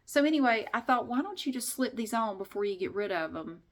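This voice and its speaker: A woman's voice: on the high side, expressive, a little fast. A middle-aged woman vlogging in a casual, rambling way, frank and chatty, often restarting her sentences and swearing mildly. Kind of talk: casual vlog chat.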